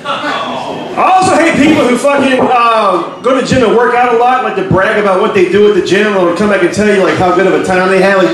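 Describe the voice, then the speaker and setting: A man's voice: sits high, fairly quick, noisy background. A man doing a crude stand-up comedy set in a pub, acting out voices of the people in his stories. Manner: crude, animated, acts out voices. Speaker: stand-up comic. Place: crowded pub comedy stage. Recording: echoey room, distant mic, crowd.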